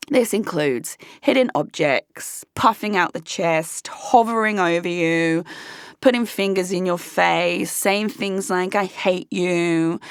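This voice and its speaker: A young woman speaking straight to camera, her delivery frank and heated, with curses thrown in freely. Her voice sits at an ordinary middle pitch and sounds close and dry, with no room around it. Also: dry recording. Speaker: vlogger. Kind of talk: candid personal storytelling.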